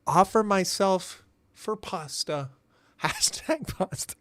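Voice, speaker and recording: A playful man hosts a comedy game show, reading answers aloud with a lively, swooping voice. He laughs at himself easily and keeps an unhurried pace. The recording is dry and close. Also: high-pitched, no room sound. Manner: playful, self-deprecating, quick to laugh.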